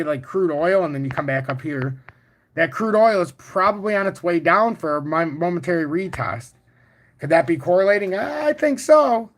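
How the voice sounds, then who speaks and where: Boastful, swearing man hosting a livestream. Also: on the high side. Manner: boastful and confident; profane, animated storytelling. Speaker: crypto livestream host. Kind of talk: casual livestream chart talk, answering chat.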